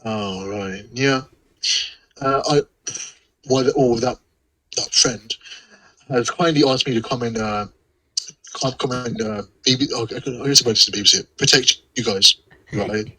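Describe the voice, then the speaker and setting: Bright-voiced man stammering through roleplay. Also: mid-range voice, a little slow, pauses often, low-quality recording. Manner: stammering, repeats words, swears casually. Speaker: tabletop game player. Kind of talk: casual in-character roleplay.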